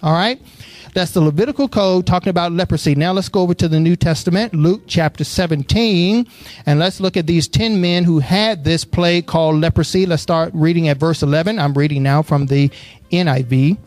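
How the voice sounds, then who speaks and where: Preacher in church doing call and response, reads a verse then asks "what?", gets fired up, quiet music underneath. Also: medium pitch, a little fast, no room sound. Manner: asks the congregation to fill in words; builds from steady Bible reading to impassioned preaching.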